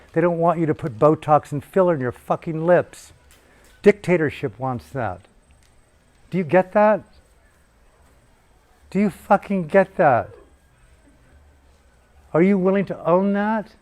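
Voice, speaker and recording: Man, meditation teacher, fiery, profane dharma talk, fairly high voice. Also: darkish tone. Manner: provocative, swearing, intense. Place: retreat hall in Bali.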